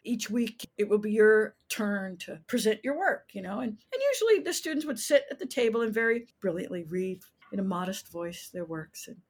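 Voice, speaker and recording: A woman in her sixties from the United States, a playwright telling animated stories in an interview and acting out voices as she goes. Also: medium pitch, normal speed, hardly any pauses. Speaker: playwright guest. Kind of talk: interview storytelling.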